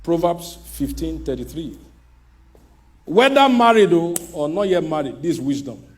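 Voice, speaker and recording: Male preacher, sermon, high voice, very animated pitch, emphatic, loud shouts and quiet asides. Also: normal speed. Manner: mimics others' voices mid-sermon.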